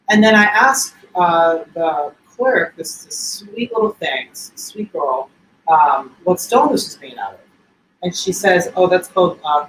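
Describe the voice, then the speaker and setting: A man's voice: sits high, fairly bright tone, a little hiss or hum. A man co-hosting a casual show, telling stories in an effusive, chatty way. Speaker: co-host. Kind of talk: casual livestream chat. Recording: echoey room with faint ambience.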